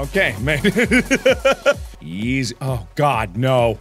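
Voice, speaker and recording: A man giving let's play commentary with loud yelps, screams, goofy noises and crude joking outbursts. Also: high-pitched, huge pitch swings, extremely slow, creaky, over loud music. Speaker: gaming video creator.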